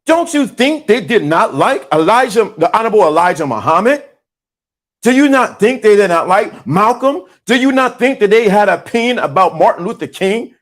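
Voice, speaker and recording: A man's voice: high voice, big pitch swings, normal speed. A man, talking to his online audience like a preacher. He drives his points home by saying key lines over and over. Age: 50s. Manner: preachy, repeats lines for emphasis. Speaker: host. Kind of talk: motivational talk to a live chat.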